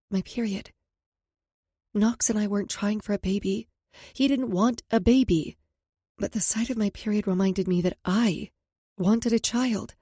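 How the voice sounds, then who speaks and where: A woman narrating a first-person romance audiobook in a steady, intimate way. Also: medium pitch, no room sound, studio quality.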